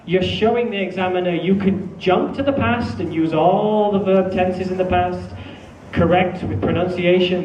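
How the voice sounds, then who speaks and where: A man teaching a classroom lesson, lively, acting out sample answers with exaggerated feeling. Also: high voice, recorded from a distance. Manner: animated, acts out student answers with exaggerated feeling. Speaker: English teacher. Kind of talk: classroom lecture. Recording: echoey room, mic from afar, faint noise.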